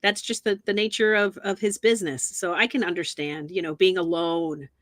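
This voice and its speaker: A woman co-hosting a casual recap chat, giving thoughtful, measured opinions. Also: lowish voice, steady tone, no echo, clean studio sound. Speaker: co-host.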